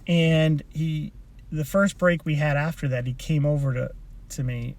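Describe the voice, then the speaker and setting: A man's voice: on the high side, little pitch movement, unhurried. A man who coaches people in personal development, telling a motivational story in a rambling, casual way from inside a car, often restarting his sentences. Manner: rambling, with frequent restarts and asides.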